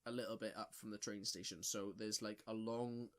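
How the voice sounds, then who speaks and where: A man's voice: lowish voice, flat delivery, brisk, fairly bright tone. A young man, co-hosting a podcast and telling a story in a loose, sweary way full of fillers and restarts. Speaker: podcast co-host. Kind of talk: casual storytelling chat.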